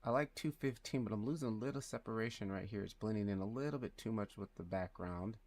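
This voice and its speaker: A man streaming live as a 3D artist, speaking low and quietly, thinking aloud and muttering numbers to himself as he works. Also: fast. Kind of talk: thinking aloud while working.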